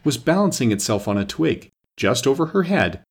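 A man narrating a children's storybook aloud with an expressive, lively delivery. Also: medium pitch, moderate pace, slightly rough. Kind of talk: storybook reading.

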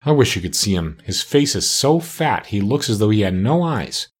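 A man's voice: fairly low pitch, sing-song, normal speed, husky. A man voicing a grumbling, plainspoken male plow horse. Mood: complaining. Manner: complaining, plainspoken.

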